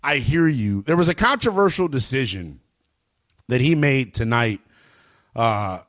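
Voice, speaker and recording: A man giving emphatic, opinionated sports commentary in a slangy, animated way. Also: mid-range voice, measured pace.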